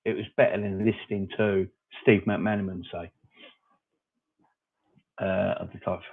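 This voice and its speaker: A man's voice: low-pitched, little pitch movement, measured pace, gravelly, slightly rough. A man hosting a casual live-stream chat, answering viewers by name in a rambling, opinionated way. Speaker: fan channel host reading live chat. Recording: phone-like narrow audio.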